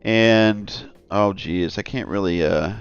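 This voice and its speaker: A man's voice: fairly low pitch, takes it slowly, vocal fry, clear, resonant tone, no echo, muffled recording. A man hosting a casual commentary vlog, talking in a rambling, earnest way and often calling his viewers "guys.". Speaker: channel host.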